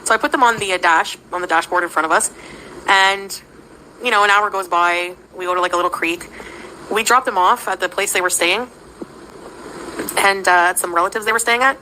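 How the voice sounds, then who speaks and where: Woman, livestreamer, bright voice, rambling casual storytelling, filler-heavy, giggly. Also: mid-range voice, a little fast, pauses often, slight background noise, rough recording.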